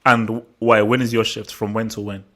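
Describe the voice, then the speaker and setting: A man's voice: fairly low pitch, little pitch movement, normal speed, crowd noise. A man hosting a casual football chat on a video call, often stumbling over repeated words. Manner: repeats words, stammering restarts. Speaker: host.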